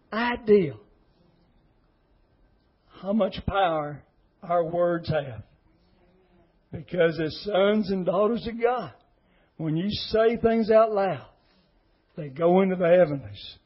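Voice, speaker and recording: A man's voice: sits high, husky, highs cut off. A middle-aged man, an associate pastor giving an earnest, emotional testimony sermon. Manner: emotional, earnest, repetitive pleading.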